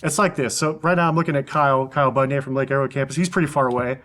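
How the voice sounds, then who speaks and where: A man's voice: medium pitch, steady tone, rapid-fire, fairly bright tone. A young adult man preaching a casual youth sermon as a youth pastor, sprinkling his talk with "man" and frequent fillers.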